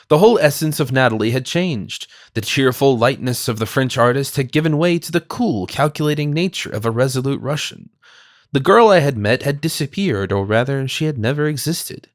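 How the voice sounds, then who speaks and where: A man's voice: medium pitch, expressive, a little fast, dry recording, clean studio sound. A man reading an audiobook in scripted narration, voicing every character himself with small shifts.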